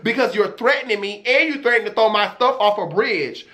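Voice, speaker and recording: Young male streamer, high voice, sassy and dramatic storyteller for a vlog. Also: a little fast, sharp tone.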